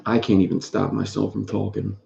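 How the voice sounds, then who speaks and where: A man's voice: lowish voice, completely flat delivery, a little fast, gravelly, mellow, a little hiss or hum. A man hosting a casual live stream, rambling and greeting viewers in chat by name. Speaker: vape reviewer streaming live. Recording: dull lo-fi sound in an echoey room.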